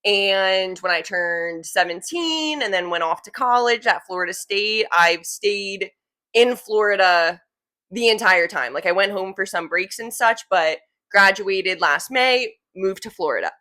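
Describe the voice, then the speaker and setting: A woman's voice: medium pitch, unhurried, pushed and bright. A woman in her twenties from New Jersey with a slight New Jersey accent, hosting her show in a chatty, rambling way full of "like". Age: 20s. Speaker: podcast host. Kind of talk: casual chat.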